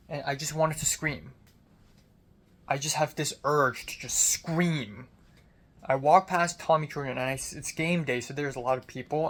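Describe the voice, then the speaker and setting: Young man, college vlogger, video diary, deep strained voice after screaming, frustrated, self-critical, swears a lot. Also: fairly bright tone. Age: young adult.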